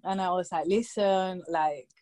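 A woman in her thirties telling a story in casual chat, lively and anecdotal, slipping into quoted voices for the people in it. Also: fairly low pitch, measured pace. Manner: lively anecdotal storytelling, quoting others in brief put-on voices.

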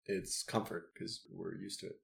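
A man with a very low voice talks loosely on a podcast, joking and swearing as he goes. He is in his thirties and was born in the Soviet Union. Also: completely flat delivery, normal speed, gravelly, fairly bright tone. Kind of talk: casual chat.

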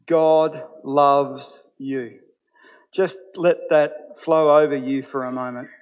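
A man preaching a sermon as pastor, earnest and building to emphatic points. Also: fairly high pitch. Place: church. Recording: dull sound with long hall reverb.

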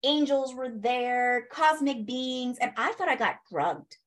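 Animated woman telling a story. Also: sits high, takes it slowly. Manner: animated, acts out quoted speech, laughs, swears. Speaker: guest. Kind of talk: casual interview storytelling.

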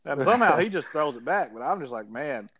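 A man's voice: fairly high pitch, animated, fast, fairly bright tone. A young man, joking and laughing through casual chat with family.

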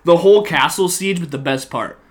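A young man hosting a casual chat, profane and excitable, who tells stories in an animated way. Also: fairly high pitch, brisk.

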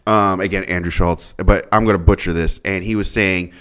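A man's voice: low voice, steady tone, normal speed, a bit bright, clean tone. A man co-hosting a podcast, talking casually in a rambling way with emphatic bursts. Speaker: podcast co-host. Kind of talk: casual chat.

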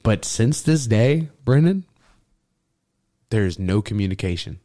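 A young man co-hosting a casual podcast chat, telling a personal story in a casual, profane way. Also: slow. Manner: animated, profane, mimics others in a high voice when quoting. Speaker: podcast co-host.

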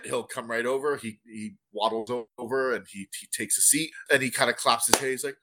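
A man's voice: mid-range voice, brisk, hardly any pauses, sharp tone. A man running a tabletop game as game master, describing scenes casually. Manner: casual, laughs often, describes actions.

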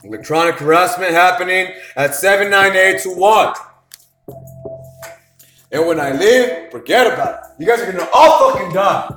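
A man's voice: high-pitched, expressive, normal speed, a bit bright, faint music behind. A man ranting on a live stream podcast, agitated and profane, speaking erratically. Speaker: livestream podcaster. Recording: roomy echo.

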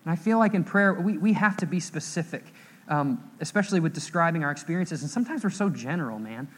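A young man preaching a sermon in church, telling stories and acting out scenes with lively emphasis. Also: fairly high pitch, fast talker, long reverb tail. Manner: animated storytelling, acting out quoted scenes with raised voice. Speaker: pastor.

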